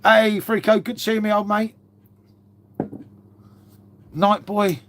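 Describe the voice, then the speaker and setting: A man's voice: high voice, fairly even intonation, slow, a bit bright, a little hiss or hum. Chatty British man on a live stream. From Britain. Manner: chatty and matey, swears a lot, says "mate" constantly. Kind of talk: casual live-stream chat reading viewer comments.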